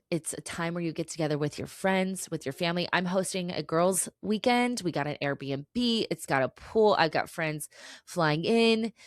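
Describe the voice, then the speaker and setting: Woman podcast host, lowish voice, earnest and emotional, swears, dry close sound. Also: no echo. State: tearful at times. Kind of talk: casual solo podcast talk.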